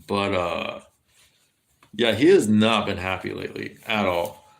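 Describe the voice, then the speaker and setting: A man with an American accent talks through a casual livestream in a lowish voice. He rambles and swears freely, circling back and restarting his sentences as he goes. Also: fairly even intonation, measured pace, gravelly. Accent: General American. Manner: rambling, profane, many restarts.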